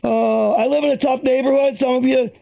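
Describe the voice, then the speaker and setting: A man's voice: extremely high pitch, steady tone, brisk, gravelly, mellow. A man in his sixties from the Boston area doing a profane, rambling stand-up comedy set, acting out the people in his stories. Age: 60s. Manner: profane, rambling, acts out quoted voices. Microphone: streamed online comedy show.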